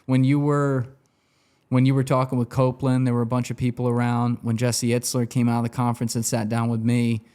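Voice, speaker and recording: A man's voice: mid-range voice, completely flat delivery, brisk, warm tone, clear, resonant tone. A man telling stories as a podcast guest, in a loose, profane, laughing way. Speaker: guest, former banker turned interviewer. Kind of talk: casual storytelling on a podcast.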